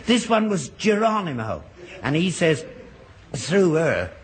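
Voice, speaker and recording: A man's voice: on the high side, sing-song, takes it slowly. An older man in a British radio sitcom, playing an earnest, gullible father who grows indignant when mocked.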